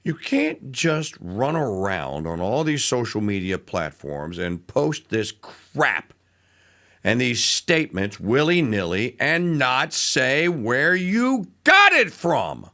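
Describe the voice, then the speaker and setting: Gravelly, bright-toned male talk radio host, opinionated and animated. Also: medium pitch, slow pace. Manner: animated, mocking, breaks into voices.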